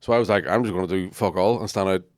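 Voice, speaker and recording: A man, a comedian guest, telling sweary, animated stories in casual chat. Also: sits low, racing.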